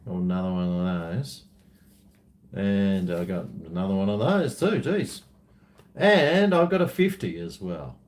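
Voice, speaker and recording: A man's voice: low voice, lively intonation, a little slow, a little mellow. A man with an Australian accent chatting casually to camera, rambling and self-mocking as he drifts between asides. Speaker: vlogger.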